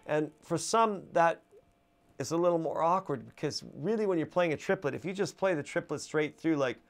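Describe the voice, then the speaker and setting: Casual guitar teacher counting beats. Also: male voice, on the high side, normal speed. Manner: counts beats aloud while strumming, chatty with fillers. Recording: guitar playing loud behind voice. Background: acoustic guitar strumming.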